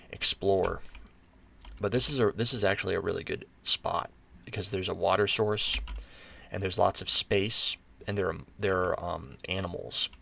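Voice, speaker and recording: Deep-voiced American man rambling over gameplay. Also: gravelly, fairly bright tone, slight background noise. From United States. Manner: rambling, thinking aloud with many fillers and restarts. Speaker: gaming channel host. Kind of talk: casual gameplay commentary.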